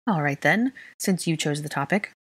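A woman's voice: sits low, animated, normal speed, slightly rough, no echo. A woman voicing a composed, lightly teasing young man in a fan fiction reading. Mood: calm.

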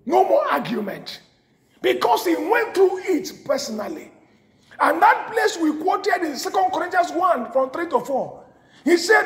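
High voiced guy preaching hard, shouts then drops way low, pitch all over, echoey room. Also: big pitch swings, unhurried. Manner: impassioned, swinging from shouts to low murmurs. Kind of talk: sermon.

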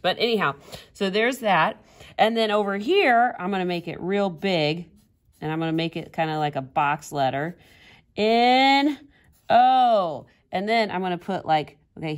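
A woman art teacher giving a casual drawing demonstration, chatty and giggling at her own jokes. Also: low-pitched.

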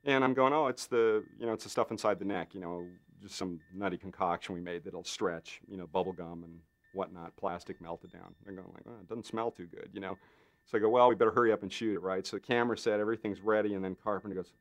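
A man's voice: sits low, fast. A man in an interview, a special effects artist telling a behind-the-scenes story with lots of fillers and acted-out voices. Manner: animated storyteller, acts out others' lines with lots of fillers. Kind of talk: anecdotal interview.

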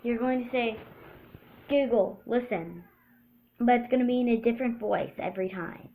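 A woman hosting a casual home vlog, excitable and lively, often dropping to quiet mutters. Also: on the high side, fast, phone-quality sound, slight background noise. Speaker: vlog host.

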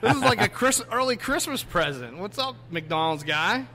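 A radio host with a high, bright male voice. He jokes loosely with his co-hosts, laughs a lot and gets flustered easily. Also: lively intonation, normal speed, slight background noise. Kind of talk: casual comedy radio banter.

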